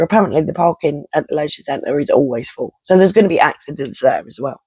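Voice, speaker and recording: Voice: mid-range voice, quick pace, few pauses, a little mellow, slightly rough, no room sound. A vlogger, delivering an angry, swearing rant straight to camera. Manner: heated, swearing, blunt. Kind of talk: angry ranting monologue to camera.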